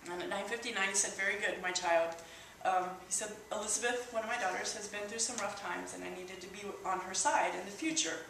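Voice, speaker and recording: Woman giving a halting, emotional testimony. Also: medium pitch, steady tone, vocal fry, a bit bright. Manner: halting and emotional, with frequent restarts and fillers. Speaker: church member sharing a personal testimony. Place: church hall. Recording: echoey hall, distant mic, faint hiss.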